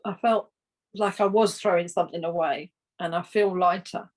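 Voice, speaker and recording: A woman in a group video call, sharing her feelings in a thoughtful, slightly halting way. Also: on the low side, steady tone. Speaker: group participant.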